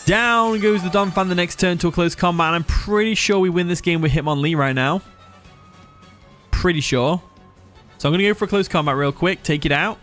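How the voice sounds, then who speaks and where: A man's voice: high-pitched, brisk, a bit bright, soft background music. A young man from England, giving casual live commentary on a game, reading chat aloud and laughing often. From Nottinghamshire, England. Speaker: streamer.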